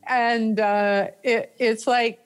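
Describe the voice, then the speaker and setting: A woman's voice: a little high, level tone, extremely slow, clear, resonant tone, soft background music. A woman hosting a podcast interview, chatty and gushing with enthusiasm. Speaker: podcast host. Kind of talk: interview conversation.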